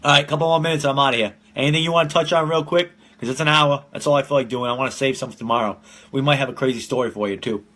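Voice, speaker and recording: Bright, rowdy young man host. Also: mid-range voice, fairly even intonation, rapid-fire. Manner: rambling, profane storytelling, laughing often. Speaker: podcast host. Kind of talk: casual live-streamed chat. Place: at home.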